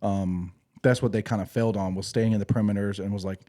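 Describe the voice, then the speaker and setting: A man, a podcast host and former Marine, telling stories in a casual, profane, animated way. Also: fairly low pitch, fast talker. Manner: animated, profane, laughing storyteller. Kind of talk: casual storytelling.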